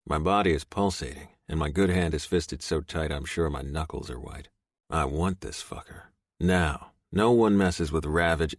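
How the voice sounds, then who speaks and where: A man narrating a romance audiobook in first person, gruff, profane and intense. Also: rumbling low, no echo, studio quality.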